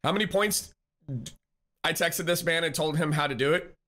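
High, bright-voiced male streamer. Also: normal speed. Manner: chatty, teasing, laughs often; reads chat aloud and greets viewers. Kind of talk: casual live-stream chat.

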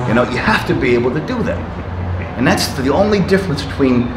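A man's voice: medium pitch, expressive, fast talker, over loud music. A man in his sixties talking as an interview guest, reminiscing in an intense, emphatic, motivational way with punchy bursts. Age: 60s. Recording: roomy with loud traffic noise.

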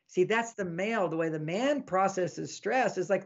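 Gravelly-voiced man, animated teaching. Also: high-pitched, moderate pace, hardly any pauses, dull audio. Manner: animated, acts out dialogues; teaching, repeats lists. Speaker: author guest. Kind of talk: interview talk.

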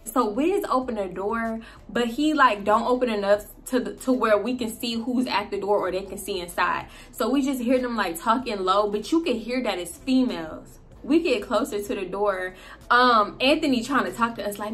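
A woman vlogger in the middle of a story, talking casually and with a lot of energy. Her speech is loaded with slang and profanity, and she throws in quick laughing asides. Her voice sits at a middle pitch. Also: a bit bright.

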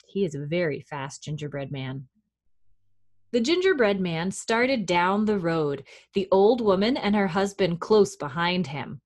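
A woman children's librarian reading a picture book aloud at storytime, gentle and encouraging toward young children. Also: mid-range voice, big pitch swings, measured pace.

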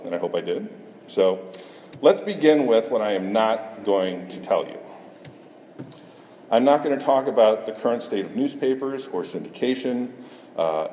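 With a lowish, mellow voice, the middle-aged cartoonist from Iowa, USA, makes jokes at his own expense and plays to the audience in a conference hall. Faint room noise and echo fill the recording.

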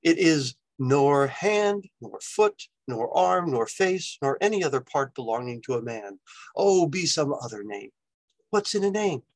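A man's voice: mid-range voice, lively intonation, unhurried, no echo. Juliet, a man reciting as a lovestruck young woman. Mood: yearning.

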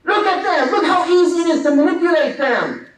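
A man's voice: extremely high pitch, expressive, fairly quick, a bit bright. A man voicing a male devil who gloats and sneers at humankind. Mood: gloating. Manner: sneering, taunting. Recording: echoey hall, distant mic.

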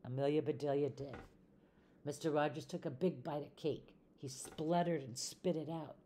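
An older woman, a retired teacher, reading a children's storybook aloud in a gentle, expressive way. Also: low voice, normal speed, slight background noise.

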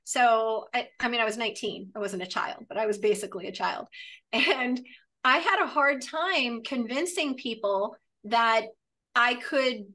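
A woman in her late forties from Florida, a real estate coach chatting in an upbeat, animated way. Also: on the high side, a little slow. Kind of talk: casual coaching conversation.

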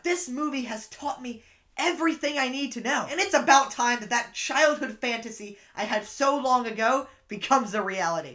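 A woman's voice: a little high, bright, forceful tone. A woman giving a casual, enthusiastic movie review as a video creator, playful in her delivery.

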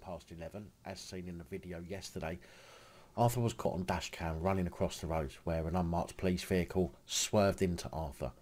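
A man reading a news report in a measured, factual tone. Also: sits low, a little mellow.

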